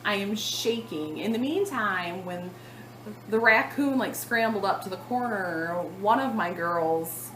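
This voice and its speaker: A woman in her thirties telling a long story to the camera in a casual vlog, chatty and animated, with lots of fillers. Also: medium pitch, a little slow, roomy sound, slight background noise, poor audio. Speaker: cross-stitch vlogger.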